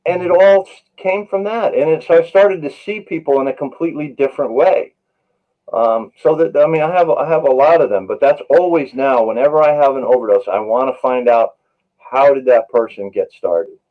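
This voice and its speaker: This guest, a paramedic and author, recounts work stories during a podcast interview in an earnest manner, leaning on "you know" as filler. He talks at medium pitch and moderate pace. The sound is thin and tinny.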